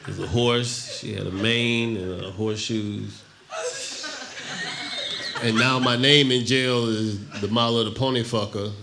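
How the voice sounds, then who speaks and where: A man doing a stand-up set on a comedy club stage, telling a long story in a deadpan way and acting out the other people in it. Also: medium pitch, measured pace, creaky. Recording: noisy live club recording.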